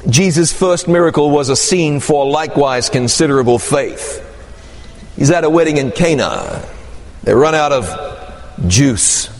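A man preaching a sermon, telling stories with lively acted-out quotes. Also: a little high, unhurried. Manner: animated storytelling with acted quotes. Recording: echoey hall with long reverb.

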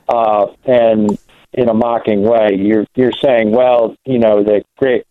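A man's voice: lowish voice, level tone, unhurried, no room sound. Man, radio caller, hesitant, tinny phone line, dry. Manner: hesitant, many ums. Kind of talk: phone-in question.

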